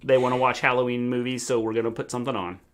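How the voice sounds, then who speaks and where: A middle-aged man co-hosting a casual wrestling chat stream, relaxed and repeating himself as he talks. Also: mid-range voice, racing, slight background noise. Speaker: co-host, her father.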